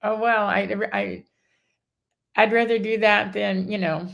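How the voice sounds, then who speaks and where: A middle-aged woman appears as a guest, telling her personal story in a casual chat. She rambles, often breaks off mid-sentence, and acts out what other people said. Her voice is gravelly and medium-pitched, with a steady tone and a slightly slow pace.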